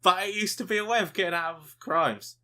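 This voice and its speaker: A man hosting a casual podcast chat, animated, cursing freely and laughing often. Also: sits high, fairly quick. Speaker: podcast host.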